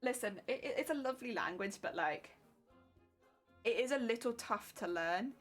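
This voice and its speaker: A woman's voice: on the high side, animated, moderate pace, fairly bright tone, faint music behind. A young woman chatting casually with her live stream viewers, laughing easily and answering chat as she works.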